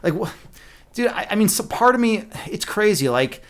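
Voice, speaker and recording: Animated, profane man telling a story. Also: sits high, normal speed. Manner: profane, animated, many fillers and restarts. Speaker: streamer. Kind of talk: casual storytelling rant.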